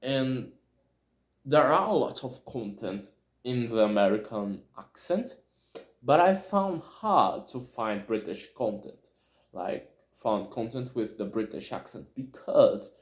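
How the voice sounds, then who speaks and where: Male solo podcaster, second-language English speaker, unhurried and hesitant, recorded in an echoey room. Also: mid-range voice, big pitch swings. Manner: halting, frequent fillers and restarts. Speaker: podcast host. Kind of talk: casual solo monologue.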